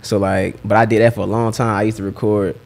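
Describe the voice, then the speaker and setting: A young man with a Southern US accent, a rapper telling stories in a relaxed, slang-filled way during a casual interview. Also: fairly low pitch, fast talker, creaky. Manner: laid-back slang-heavy storytelling. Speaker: rapper and guest.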